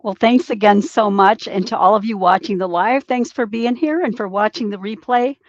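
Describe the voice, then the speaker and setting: A woman's voice: medium pitch, moderate pace, no room sound. A woman hosting an interview, wrapping up with friendly thanks and affirmations over a video call. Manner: friendly wrap-up with repeated affirmations. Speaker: host. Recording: dry, dull lo-fi video call audio.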